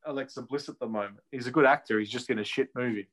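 Chatty Australian man, mid-pitched. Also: fast talker, fairly bright tone. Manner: chatty, opinionated, laughs easily. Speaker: wrestling podcast co-host. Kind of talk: casual chat.

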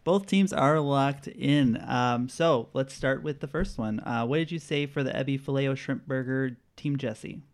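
A relaxed man runs a casual quiz among friends, reading out each answer at an easy pace. He chuckles often and keeps things loose and friendly, with a voice of ordinary pitch. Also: moderate pace, few pauses, a little hiss or hum. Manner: laid-back, laughs often, reads answers out. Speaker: quiz host. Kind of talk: casual group game chat.

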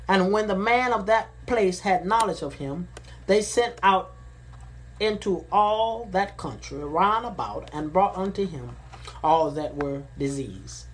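A woman delivers a sermon at an unhurried, measured pace. She reads verses aloud, then goes back over them, repeating key phrases and restating them in everyday language. Her voice sits at an ordinary middle pitch for a woman. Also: slight background noise. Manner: slow and deliberate, repeating phrases; paraphrases verses in plain modern words. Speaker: preacher. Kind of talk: sermon, reading and explaining scripture.

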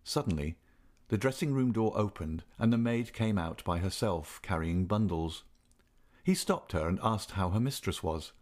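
A man reading a classic novel aloud in a measured, steady way. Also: sits low. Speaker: audiobook narrator.

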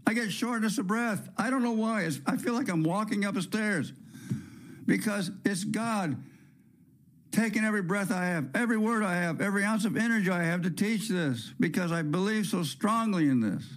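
A man's voice: high voice, moderate pace. A man hosting a podcast, preaching in a fervent, emphatic monologue with repeated phrases and joking asides. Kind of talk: impassioned sermon-style monologue.

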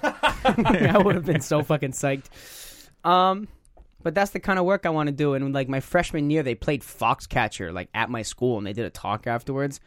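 A man's voice: on the high side, normal speed, no echo, studio quality. A young man hosting a casual podcast chat, loose and laughing, swearing often. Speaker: podcast host.

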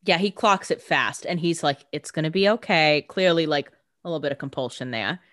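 A woman co-hosting a podcast, chiming in on a TV recap with quick comments and jokes. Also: low-pitched, lively intonation, fairly bright tone. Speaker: podcast co-host. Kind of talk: casual chat.

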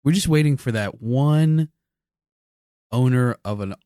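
A man's voice: medium pitch, measured pace, mellow, clean tone, dry recording, clean studio sound. A man improvising a comedy bit, playfully building on his partner's jokes. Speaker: comedy podcast co-host.

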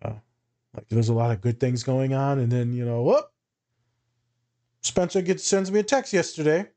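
A man's voice: medium pitch, a little fast, warm tone. A man co-hosting a casual podcast, talking loosely and profanely with frequent laughter. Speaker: co-host.

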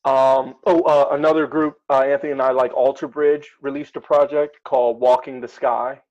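A man's voice: medium pitch, level tone, normal speed, a little mellow. Hesitant man, muffled audio. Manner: hesitant, many fillers while reading lists. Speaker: podcast co-host. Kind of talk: casual chat.

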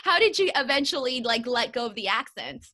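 A woman's voice: high voice, expressive, a little fast, sharp tone. A woman hosting a casual interview, upbeat and encouraging, asking long questions.

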